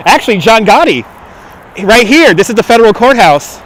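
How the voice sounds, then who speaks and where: A Brooklyn man with a fairly high voice runs a walking livestream on city streets. He is loud and joking and breaks into laughter often, with traffic passing outdoors behind him. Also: sing-song, moderate pace. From Brooklyn, New York. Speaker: livestream host. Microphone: handheld phone on gimbal.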